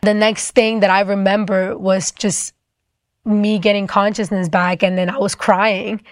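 A woman's voice: medium pitch, level tone, unhurried, no room sound, studio quality. A young adult woman sharing a personal faith testimony in a casual storytelling way, acting out the dialogue and often saying "like".

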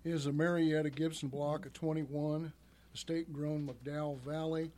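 A man's voice: on the high side, fairly even intonation, unhurried, warm tone, a little hiss or hum. A man presenting wines on a radio chat show, reading out prices, vintages and blends. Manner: reads out wine details. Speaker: wine presenter. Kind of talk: casual chat.

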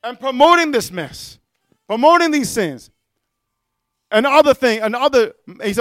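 High-voiced, bright fervent male preacher. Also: very animated, normal speed, no echo, faint music behind. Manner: fervent preaching, punctuated with amens and hallelujahs; mocking impressions of other preachers. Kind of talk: sermon.

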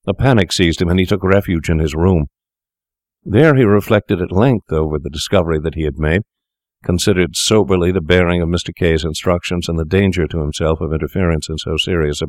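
A man giving measured, formal audiobook narration of a classic story. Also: low-pitched, darkish tone, no room sound, clean studio sound.

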